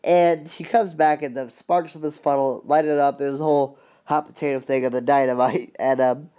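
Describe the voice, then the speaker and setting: A man casually recapping a film he loves, rambling and excited, with many fillers and restarts. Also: medium pitch, moderate pace, clean tone, muffled recording.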